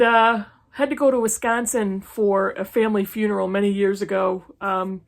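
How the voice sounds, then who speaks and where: A woman's voice: medium pitch, vocal fry. A woman in her fifties from New England, chatting frankly through a list of questions with sarcastic asides. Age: 50s. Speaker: book YouTuber. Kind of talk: casual chat answering tag questions. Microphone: camera mic, reading from an e-reader.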